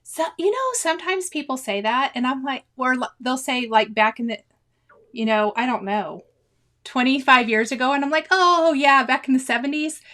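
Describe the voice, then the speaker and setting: Chatty high-voiced woman crafting host. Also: normal speed, fairly bright tone. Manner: chatty, laughs often, exclamatory. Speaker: cross-stitch livestream host. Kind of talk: casual chat reading live comments.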